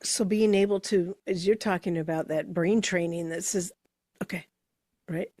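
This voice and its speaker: A woman co-hosting a motivational podcast, speaking in a measured, reflective way as she builds her points. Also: lowish voice, fairly even intonation, mellow, dry recording, clean studio sound. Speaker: podcast co-host. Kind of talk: casual motivational chat.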